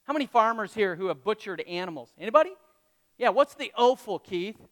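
A man's voice: sits high, lively intonation, fairly quick, fairly bright tone, in a large hall. A male pastor preaching a sermon to his congregation, talking conversationally and tossing questions to the room. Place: church hall with congregation.

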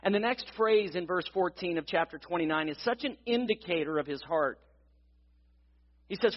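A man's voice: high-pitched, normal speed, big-room sound, lo-fi sound. A man preaching a sermon in a church, reading scripture aloud and then teaching earnestly, repeating key phrases for emphasis. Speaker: pastor. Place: church sanctuary.

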